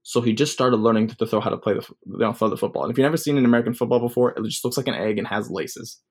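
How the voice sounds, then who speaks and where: A man's voice: mid-range voice, rapid-fire, a little mellow, breathy edge. A man in his twenties telling a personal story casually, rambling with many fillers. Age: 20s.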